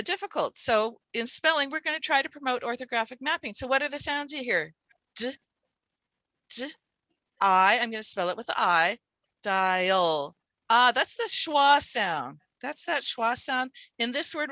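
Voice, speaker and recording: Demonstrating for an audience of reading teachers, a woman elongates sounds and syllables as she slowly sounds out words in her workshop presentation. The voice is a little high and bright, and the audio is close-miked and dry with no room reverberation.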